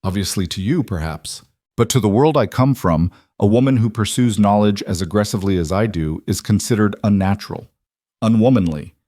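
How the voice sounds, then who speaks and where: A man voicing a frank young woman scientist who speaks in a steady, measured way, read as a storybook. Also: lowish voice, no room sound, clean studio sound, natural voice. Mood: earnest. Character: sharp-minded young female scientist, frank.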